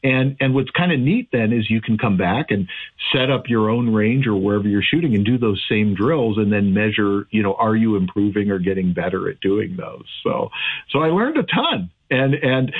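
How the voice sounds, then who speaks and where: A man's voice: fairly low pitch, animated, moderate pace, husky. A man talking casually as the gun expert on a call-in radio show, chatty and laughing at his own jokes. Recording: tinny phone-like line.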